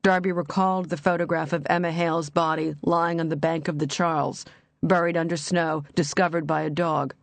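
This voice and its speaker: A woman narrating an audiobook in a measured, even reading. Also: low voice, vocal fry, no echo.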